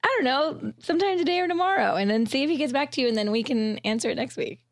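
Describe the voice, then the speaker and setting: A woman's voice: high-pitched, expressive, racing, no echo, studio quality. A woman on a podcast chatting casually and asking the hosts questions. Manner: inquisitive, asks questions. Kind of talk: casual chat.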